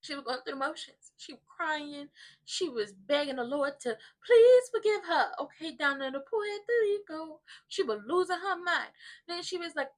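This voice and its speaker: A woman with a high, bright voice dishes on a soap opera episode like she's gossiping with friends. She plays it up with sassy asides, mock sobbing and big comic exaggeration. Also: animated, moderate pace. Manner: dramatic and sassy, mock crying and playful exaggeration. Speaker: soap opera recap vlogger. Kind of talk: comedic TV recap commentary.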